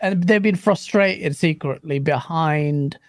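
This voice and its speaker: A man co-hosting a casual gaming podcast, telling stories in an animated, exasperated way. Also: a little high, slow pace, dry recording. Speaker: co-host.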